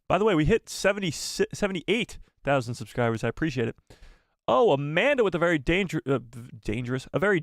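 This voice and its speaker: A young man hosting a casual live stream, excitable and joking as he talks straight to his chat. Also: mid-range voice, no echo, studio quality.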